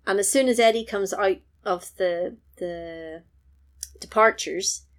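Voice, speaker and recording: A woman, retelling a film in casual chat, animated and quick to laugh. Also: mid-range voice. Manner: animated storytelling, laughs often. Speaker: podcast host recapping a film.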